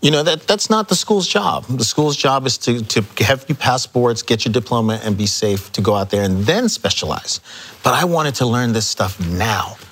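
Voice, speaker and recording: A man telling stories as an interview guest, acting out quoted dialogue with lively energy. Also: medium pitch, moderate pace. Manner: animated storyteller, acts out quoted dialogue. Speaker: chiropractor guest. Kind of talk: casual storytelling interview.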